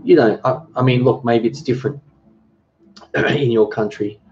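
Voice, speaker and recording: A man's voice: medium pitch, fairly even intonation, unhurried, a little mellow. An Australian man in his forties hosting a cooking channel, chatting casually on a live stream, reading viewer comments aloud and often restarting his sentences. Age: 40s. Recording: dull lo-fi stream audio with music. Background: music.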